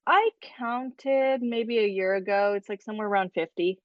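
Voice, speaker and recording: A woman with a Midwestern American accent chats as a podcast guest, mid-pitched and full of giggles and quick tangents. Her line sounds a little dull, recorded dry. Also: no echo. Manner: chatty, giggly, quick asides. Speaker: guest scientist. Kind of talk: casual chat.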